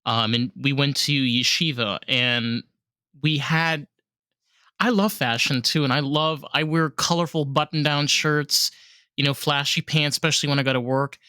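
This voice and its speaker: A man's voice: a little high, steady tone, moderate pace, pushed and bright, clean tone, no room sound, studio quality. A man hosting a podcast who chats casually and thinks aloud as he talks. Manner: reflective, thinks aloud with restarts. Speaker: podcast host. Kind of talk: casual conversation.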